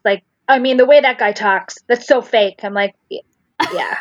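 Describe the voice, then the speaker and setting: A woman's voice: a little high, normal speed, dry recording. Female co-host, casual chat, short replies, muffled dry mic. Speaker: podcast co-host.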